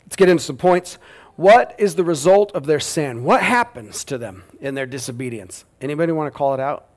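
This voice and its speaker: A man's voice: a little high, lively intonation, a little fast. A man preaching a sermon in a casual, joking, conversational way, talking with his audience. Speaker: pastor.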